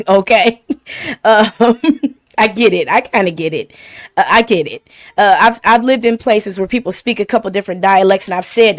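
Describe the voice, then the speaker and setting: A woman's voice: medium pitch, normal speed. A woman from Arizona giving casual reaction commentary from her apartment, chatty, laughing often and answering her chat. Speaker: streamer reacting to a video. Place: apartment in Korea.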